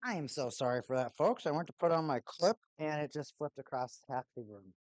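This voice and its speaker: A woman hosting a casual live stream at home, chatty and repeating her catchphrases in excited bursts. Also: deep voice, a little fast, hardly any pauses, dry recording.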